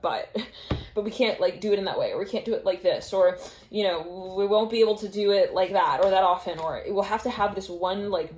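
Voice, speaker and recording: A woman's voice: mid-range voice, reverberant, a little hiss or hum. A woman giving a casual tarot reading to her viewers, rambling and intuitive, with frequent laughs and restarts. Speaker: tarot reader.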